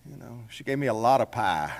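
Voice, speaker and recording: A man's voice: medium pitch, lively intonation, fairly quick, long reverb tail. A man preaching a sermon as a pastor in a church, folksy and conversational with rhetorical questions. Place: church sanctuary.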